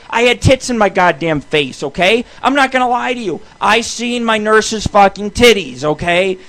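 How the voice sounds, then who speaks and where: A middle-aged man hosting a radio show, rambling and swearing constantly in a loud, blunt monologue. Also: sits high. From southern Nevada. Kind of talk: casual profane monologue.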